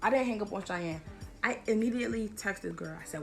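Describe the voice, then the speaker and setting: A woman's voice: mid-range voice, quick pace, gravelly, music in the background. A young woman vlogger telling a personal storytime in emphatic slang, repeating her points for effect. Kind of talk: storytime vlog.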